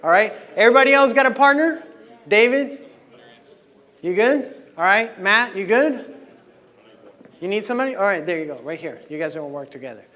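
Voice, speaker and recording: A man leading a motivational workshop, coaching a live audience and building to shouts on a handheld mic in a large hall. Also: high voice, lively intonation, brisk, pauses often. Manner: exhorting, rising to shouts. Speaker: workshop leader. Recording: long hall reverb.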